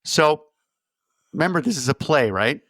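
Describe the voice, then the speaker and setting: A man's voice: a little high, lively intonation, moderate pace, a bit bright, no room sound, clean studio sound. A man co-hosting a casual movie podcast, animatedly acting out scenes and lines in voices. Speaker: podcast co-host. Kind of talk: casual movie review chat.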